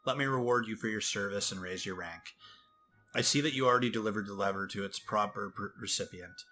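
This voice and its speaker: A man's voice: on the low side, a little fast, bright, forceful tone, slight background noise. A man reading a formal game president. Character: stern formal male nation president.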